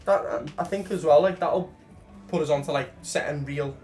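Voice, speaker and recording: A man's voice: a little high, normal speed, a little mellow, soft background music. A man co-hosting a gym podcast, talking in an earnest, encouraging way with repeated "you know". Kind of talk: casual chat.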